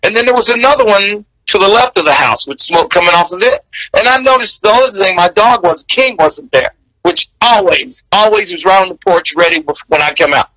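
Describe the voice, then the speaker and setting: A man, a guest telling stories in a candid, animated way. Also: high voice, brisk, no room sound, poor audio. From American South. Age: 60s. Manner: animated, candid, laughs between memories. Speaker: interview guest. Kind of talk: storytelling in casual interview.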